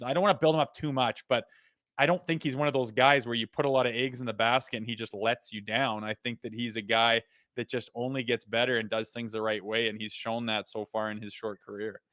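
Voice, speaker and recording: A man co-hosting a casual hockey podcast, talking excitedly and rambling with lots of "like" as he breaks down plays. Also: medium pitch, no echo, clean studio sound. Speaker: co-host; father. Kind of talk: casual sports podcast chat.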